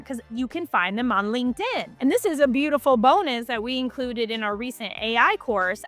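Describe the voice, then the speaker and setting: A woman coaching on government contracting, talking straight to her viewers in a lively, direct way. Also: fairly high pitch. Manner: animated, direct, talks straight to the audience. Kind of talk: casual advice talk to camera. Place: Miami Beach.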